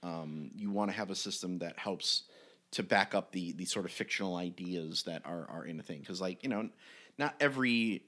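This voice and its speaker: A man and game master telling a story in an interview, animated and rambling with frequent restarts. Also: deep voice, normal speed.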